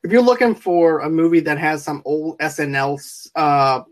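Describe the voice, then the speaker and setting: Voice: medium pitch, animated, normal speed. A speaker in a casual chat about a film, recapping the plot in a rambling way with frequent fillers and restarts. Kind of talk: casual movie review chat.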